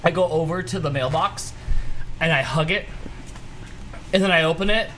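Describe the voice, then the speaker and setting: A man hosting a relaxed livestream from home, talking in a voice pitched a little on the high side. He rambles through his stories and stumbles over restarts as he goes. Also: moderate pace, slight background noise. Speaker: host. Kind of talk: casual livestream chat.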